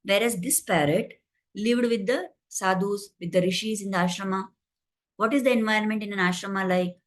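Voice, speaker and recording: A woman leads a spiritual discourse in a slow, deliberate, explanatory way. She weaves a folk tale into her teaching. Her voice sits at an ordinary middle pitch. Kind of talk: scripture discourse with storytelling.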